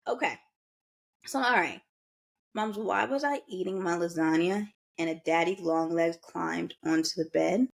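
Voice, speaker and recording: A young American woman co-hosting a podcast, telling a story in a lively, casual way with quoted asides. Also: on the low side, a little slow, gravelly. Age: young adult. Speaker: podcast co-host.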